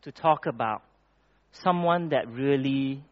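A man preaching a conversational sermon in a church hall, often pausing and restarting his words. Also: mid-range voice. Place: church hall with projected slides. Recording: dull lo-fi recording.

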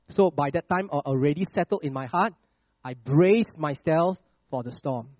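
A man preaching a sermon with a personal testimony, checking in with the congregation with "all right?" and "okay?" and dropping to a hush on scripture lines. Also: fairly high pitch, animated, dry recording, highs cut off. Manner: slows and drops to a hush on scripture phrases.

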